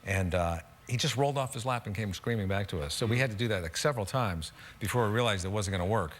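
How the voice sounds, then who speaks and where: Dry, deadpan man telling stories. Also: fairly low pitch, fast, slight background noise. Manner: dry, self-deprecating storyteller. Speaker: talk show guest. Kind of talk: casual anecdotal storytelling. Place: television studio.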